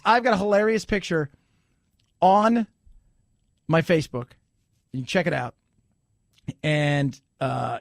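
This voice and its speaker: A high, very lively male radio host with a gravelly edge, mocking and sarcastic. He swings from mutters to sudden shouts, close and dry on the mic. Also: no echo. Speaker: radio talk show host. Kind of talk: opinionated talk radio rant.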